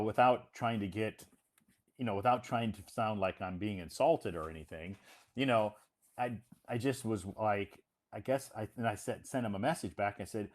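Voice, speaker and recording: A man's voice: lowish voice, slightly rough. A man, an English teacher, telling a casual story on a livestream in a rambling way with many fillers and restarts.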